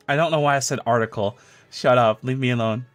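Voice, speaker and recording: A man's voice: medium pitch, moderate pace, faint music behind. A male streamer chatting loosely and swearing freely, then reading fan fiction aloud. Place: home streaming setup.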